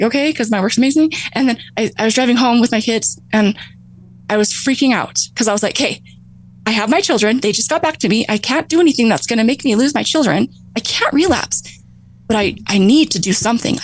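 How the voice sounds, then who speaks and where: A woman in her thirties telling her own recovery story on a talk show, animated, laughing often and acting out her past thoughts. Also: fairly high pitch, poor audio. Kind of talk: emotional personal storytelling.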